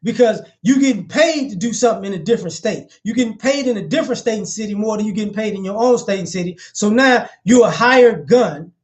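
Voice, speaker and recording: Male vlog commentator, high pitch, blunt and profane, repeats phrases to emphasize points.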